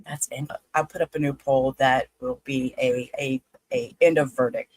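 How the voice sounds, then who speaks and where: A woman, hosting a livestream in a chatty, halting, excitable way. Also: a bass voice, husky, no echo, poor audio. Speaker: livestream host. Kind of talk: casual livestream chat.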